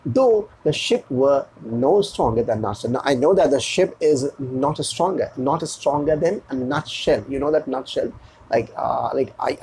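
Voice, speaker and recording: A man's voice: fairly high pitch, gravelly, a little mellow, slightly rough, poor audio. A man explains a play line by line as an English teacher. He often repeats and restarts his phrases, and he reads the quoted lines in a raised, emphatic voice.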